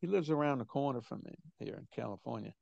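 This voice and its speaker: Older guy with a gravelly voice, chatty storyteller, kinda muffled dry call audio. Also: mid-range voice, lively intonation, fast talker, darkish tone. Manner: chatty, anecdotal, quoting others in put-on voices. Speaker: drummer, interview guest. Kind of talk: relaxed storytelling in an interview.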